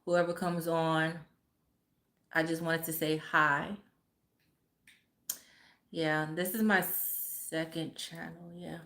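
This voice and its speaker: A woman's voice: deep voice, little pitch movement, slow pace, pauses often, fairly bright tone. A woman hosting a casual livestream, greeting viewers by name, chatty and profane, laughing often. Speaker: livestream host. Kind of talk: casual live-stream chat.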